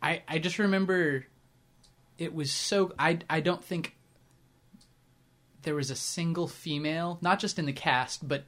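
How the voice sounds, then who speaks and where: A man in a casual podcast chat, talking in halting bursts with restarts and dry humor. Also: a little high, fairly even intonation, a bit bright.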